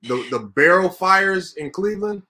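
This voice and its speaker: Bright-voiced Southern man ranting. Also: high-pitched, normal speed. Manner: ranting, profane, animated. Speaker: podcast co-host. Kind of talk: casual sports chat.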